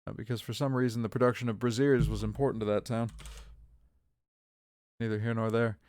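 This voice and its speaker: A man's voice: mid-range voice, flat delivery, brisk, a little mellow, no room sound. A man in his thirties streaming a game live, chatting in a rambling way with his viewers between moves. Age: 30s. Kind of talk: live gameplay commentary.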